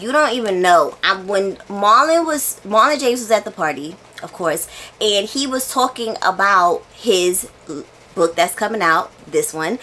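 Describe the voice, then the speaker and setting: A woman's voice: mid-range voice, fairly bright tone. A young woman chatting casually and animatedly about books she received, laughing now and then. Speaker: book vlogger. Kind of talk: casual chat. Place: home, indoors.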